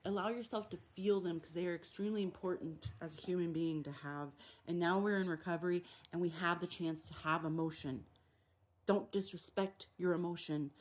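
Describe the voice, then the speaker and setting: A woman, hosting a casual recovery reflection and acting out the quoted voices in her examples. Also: fairly low pitch. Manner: animated, acts out quoted voices. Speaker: recovery meditation host.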